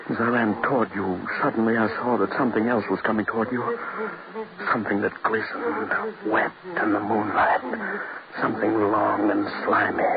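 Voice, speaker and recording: A man's voice: lowish voice, very noisy, natural voice. Male actor as a haunted, frantic man in a 1940s radio thriller, muffled old recording. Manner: frantic, anguished and breathless. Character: frightened man obsessed with his experiment, grieving. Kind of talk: 1940s radio drama acting.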